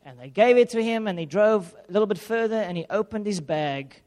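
A man, a pastor, telling a lively, self-mocking personal story in a sermon. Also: high-pitched, brisk. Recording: long reverb of a hall.

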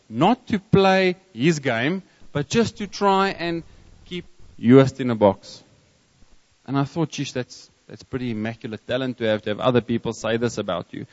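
A man with a South African accent preaching a sermon, telling a story in a reflective way with pauses and restarts. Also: medium pitch. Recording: long hall reverb, dull lo-fi sound.

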